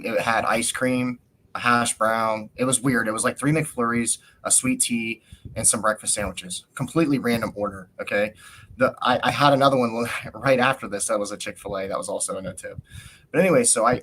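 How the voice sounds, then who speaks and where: A man with a fairly low voice tells a story on a podcast. His rant is animated and full of swearing, and he acts out the lines of the people in it. A faint hum sits under the recording. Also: a little fast. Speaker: podcast host. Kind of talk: casual storytelling.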